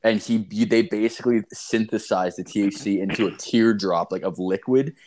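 A man with a fairly low voice rambles through stories on a casual podcast. He swears freely and talks loosely. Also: moderate pace, darkish tone, slight background noise. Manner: profane, rambling storytelling. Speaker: podcast co-host. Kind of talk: casual chat.

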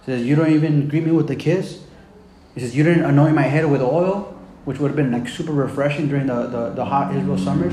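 A man's voice: mid-range voice, a little fast. A man preaching a sermon in a casual, conversational way, often saying "man" and "right?" and retelling scripture in plain everyday words. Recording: echoey room with faint background noise.

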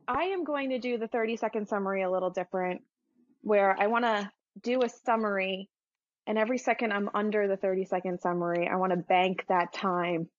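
A woman's voice: medium pitch, no room sound. Laughing woman podcaster on a muffled line. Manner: laughs often, rattles off movie quotes fast. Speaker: podcast co-host. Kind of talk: casual podcast chat.

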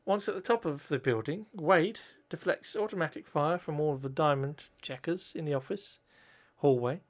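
A man's voice: fairly high pitch, moderate pace. A man co-hosting a casual podcast, recapping a film plot in a wry, chatty way with plenty of ums.

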